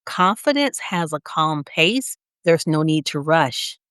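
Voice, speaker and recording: A woman with a Southern US accent delivers a motivational coaching lesson, taking her time and leaving pauses between points. Her pitch swings up and down with smiling energy. The sound is dry and close, with no room echo. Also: clean tone. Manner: slow, deliberate pacing with pauses, smiling, energetic. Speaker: business coach for nurses.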